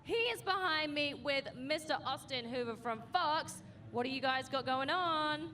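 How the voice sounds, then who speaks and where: A woman's voice: high voice, animated, measured pace, sharp tone, slight background noise. A woman hosting a live show at an outdoor event, chatting in a bubbly way and laughing often. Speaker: host. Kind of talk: live broadcast chat.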